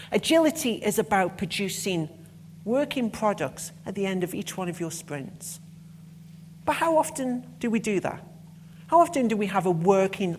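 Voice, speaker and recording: A woman's voice: fairly low pitch, a little mellow, slight background noise. A woman giving a conference talk, passionate and emphatic, with blunt swearing when annoyed. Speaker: conference speaker.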